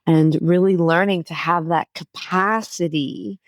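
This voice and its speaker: A woman with a fairly low voice, earnestly explaining her healing method as a podcast guest. She talks in a clear, instructive way and grows animated when making a point, and the recording is close and dry. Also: a little slow, dry recording. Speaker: guest, inner child healing coach.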